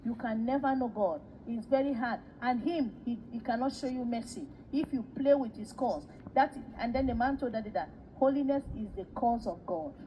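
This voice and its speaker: A woman preacher recounting a spiritual vision in a sermon. She tells it as animated storytelling, acting out the dialogue and repeating words for emphasis. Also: on the high side, moderate pace, hardly any pauses, slight background noise, rough recording.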